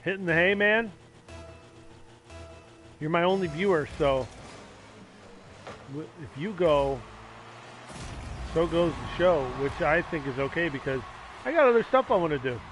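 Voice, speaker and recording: A man casually commenting while streaming a video game, excitable and joking, yelling hype at plays. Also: fairly high pitch, a little slow, long pauses, soft background music. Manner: joking, self-mocking.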